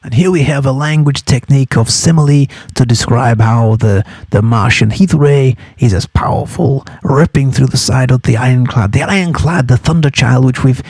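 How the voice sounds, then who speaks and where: A man's voice: mid-range voice, normal speed, few pauses, a little mellow, husky, no echo. A man explaining a novel to students. He is hesitant, repeating words and correcting himself as he goes. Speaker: teacher. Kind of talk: study guide explanation.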